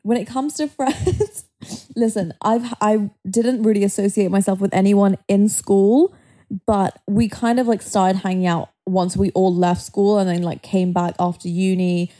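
A young woman with a warm, mellow voice co-hosting a casual podcast. She speaks bluntly and frankly, with offhand swearing. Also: mid-range voice, fairly even intonation, a little slow. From Dubai. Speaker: podcast co-host. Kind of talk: casual chat.

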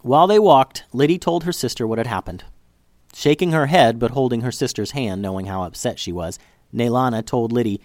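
A man reading a children's story aloud as storyteller, in an expressive way. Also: medium pitch, a little fast, no room sound, clean studio sound.

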